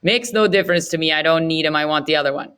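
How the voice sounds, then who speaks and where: A woman's voice: low voice, fast, a bit bright, clear, resonant tone. Woman voicing a curt gangster boss. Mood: annoyed. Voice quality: brusque and dismissive. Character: curt, menacing male gangster boss, middle-aged.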